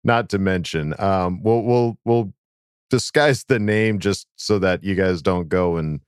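A man's voice: low voice, measured pace, clear, resonant tone, dry recording, studio quality. A man co-hosting a sports podcast, chatting casually and laughing as he reads fan messages aloud. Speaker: podcast co-host. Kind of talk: casual chat.

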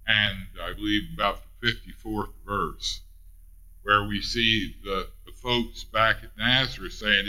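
Older man, Baptist-style preacher, folksy and unhurried, very bright tone. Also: medium pitch, poor audio. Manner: folksy, self-deprecating, with repeated restarts. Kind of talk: sermon.

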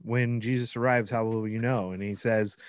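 A man's voice: fairly low pitch, fairly even intonation, moderate pace, clear, resonant tone, dry recording, clean studio sound. A man co-hosting a podcast in casual chat, rambling through ideas, swearing and laughing often. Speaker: podcast co-host.

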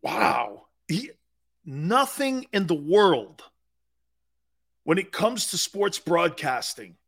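A male sports talk host tells a meandering story in loose, chatty fashion. His voice sits a touch higher than most men's. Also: very animated, takes it slowly, a bit bright. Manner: rambling anecdotal storytelling. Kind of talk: casual live talk show monologue.

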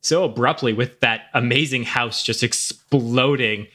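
A man's voice: medium pitch, moderate pace, sharp tone. Laid-back rambling man in a chat. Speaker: podcast co-host. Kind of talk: casual movie review chat.

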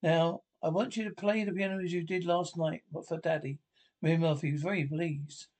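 A man's voice: a little high, steady tone, fairly quick, darkish tone, lightly acted. A man reading the part of a prim, nervous young stepmother from a script, speaking in his own voice and saying the cue names aloud. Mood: scolding. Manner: reads cue names aloud before lines.

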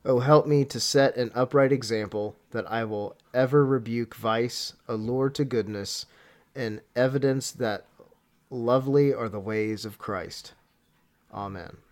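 Worn out and fighting a cold, a man hosting a podcast chats with frequent laughter and reads a prayer in a slow, solemn way. His voice is mid-range.

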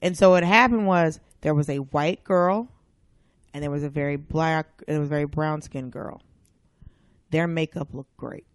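A woman's voice: low voice, moderate pace, no room sound. A young woman chatting as a guest, telling stories and acting out what people said. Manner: animated storyteller, acts out quotes. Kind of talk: casual chat.

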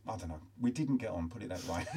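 A man chatting as a guest musician, telling animated stories and laughing as he tells them. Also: lowish voice, a little fast, a crowd in the background. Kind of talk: casual chat, storytelling.

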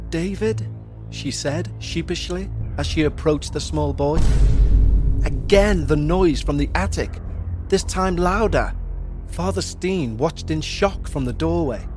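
A man narrating a scripted paranormal horror story, his voice somewhat high for a man. He tells it in a steady, measured way. Faint music plays behind him.

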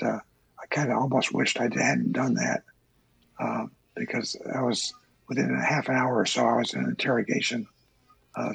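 An older man with a deeply gravelly, husky voice recalls his past in a slow, halting way, full of pauses and fillers. The sound is close and dry. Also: fairly bright tone, dry recording, rough recording. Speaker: interviewee, former Navy pilot. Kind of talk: oral history interview.

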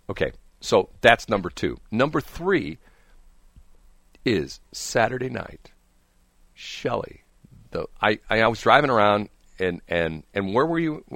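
A man's voice: fairly low pitch, a bit bright, dry recording, studio quality. A man hosting a radio talk show, chatting casually and rambling with jokes and restarts. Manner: rambling, joking, frequent restarts.

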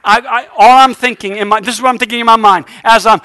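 A middle-aged man preaching a revival sermon, telling a lively story and building to shouted exhortation. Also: high voice, fast talker, hardly any pauses.

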